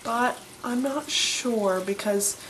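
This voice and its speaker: A woman's voice: a little high, slow pace, a bit bright, slight background noise, low-quality recording. A young woman in her twenties, chatting casually and enthusiastically as she answers questions in a vlog. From Colorado, USA. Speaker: vlogger.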